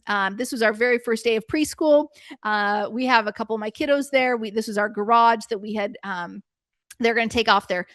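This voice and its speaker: Woman, middle-aged, preschool business coach, lively storyteller, fairly high voice, dry close sound. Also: dry recording. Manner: animated storytelling, acting out her own past reactions. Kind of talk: storytelling workshop presentation.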